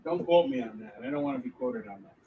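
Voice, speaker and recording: Joking, high-voiced man on a livestream. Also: huge pitch swings, quick pace, vocal fry, muffled recording. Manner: joking, rambling, laughs often. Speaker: comic book artist hosting a live Q&A. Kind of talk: casual livestream chat. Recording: distant mic, faint background noise.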